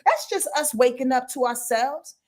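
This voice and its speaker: Female astrologer, fairly high voice, lively and emphatic, drops profanity, talks right to the audience. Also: moderate pace. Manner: animated, emphatic, profane, talks to viewers directly. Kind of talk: casual astrology forecast livestream.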